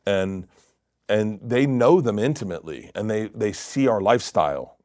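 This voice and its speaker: A middle-aged man, a comedian guest, telling animated family stories in casual chat and acting out quotes with cursing. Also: fairly low pitch, normal speed, no room sound, studio quality. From Florida.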